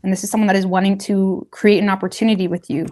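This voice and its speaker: A woman's voice: medium pitch, steady tone, fast, warm tone. Casual, rambling woman reading tarot. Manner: rambling, colloquial, talks straight to viewers. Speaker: tarot reader.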